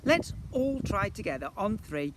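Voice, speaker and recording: A man's voice: measured pace, background noise. A man voicing a gleeful young boy who plays tricks, in a storybook reading. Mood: eager. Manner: high excited shouting.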